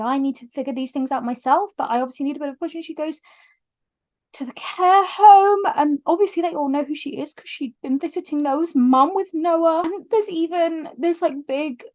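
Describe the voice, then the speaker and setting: Woman book vlogger, high voice, gushing and teary, lively casual retelling. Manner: frequent restarts when moved. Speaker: book reviewer. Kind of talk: casual book review vlog.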